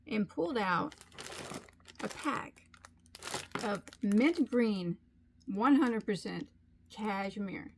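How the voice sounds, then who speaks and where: Middle-aged woman, crochet vlogger, mid-pitched, chatty and meandering, filler-heavy storytelling. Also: a little hiss or hum. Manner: rambling, chatty, frequent ums. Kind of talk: casual chat and storytelling.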